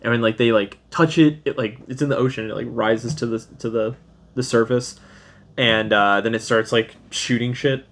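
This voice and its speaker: Guy in his 30s on a podcast, rambly and chill, mid-pitch, laughs a lot. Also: fairly even intonation, moderate pace, a bit bright. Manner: rambling, laughs often, does goofy voices when retelling scenes. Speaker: podcast co-host. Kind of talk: casual chat.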